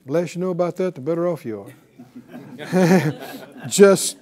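This male preacher's voice is on the high side and mellow. Teaching slowly, he puts questions to the audience and draws out their replies in call-and-response.

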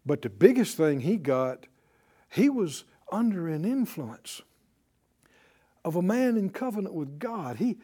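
A man's voice: high voice, sing-song, unhurried, mellow, breathy edge. A middle-aged man preaching a sermon to a congregation, drawing out emphatic phrases and calling for responses. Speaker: pastor.

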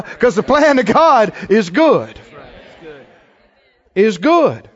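A man delivers a sermon in a high voice, dropping to quiet asides and then rising to near-shouts. The recording is dull and muffled. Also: sing-song, slow. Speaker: preacher.

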